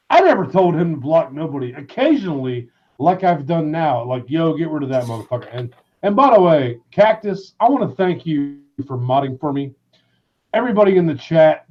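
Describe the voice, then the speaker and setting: A man hosting a livestream in a casual rant, loud and excitable, swearing constantly and shouting people's names. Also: fairly high pitch, highs cut off. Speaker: livestream host.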